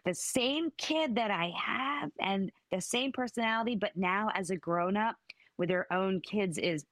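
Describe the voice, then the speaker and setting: An older woman, a stand-up comedian, chatting as an interview guest and telling family stories with quick laughs. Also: on the low side, a bit bright, no echo. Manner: chatty storyteller who breaks into laughter. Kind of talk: casual interview chat.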